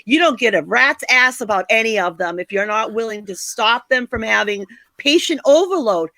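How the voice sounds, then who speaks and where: With a slightly high, expressive voice that sounds pushed and bright, this older American podcast co-host talks at normal speed in a dry recording. Her passionate opinion chat is blunt, angry and emphatic.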